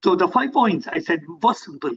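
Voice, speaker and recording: Man, Indian accent, fifties, high-pitched voice, dull video call sound, animated and repetitive. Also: a little fast, gravelly, husky. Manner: animated, repeats himself, acts out parents and children. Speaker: parenting speaker. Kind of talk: motivational talk on a video call.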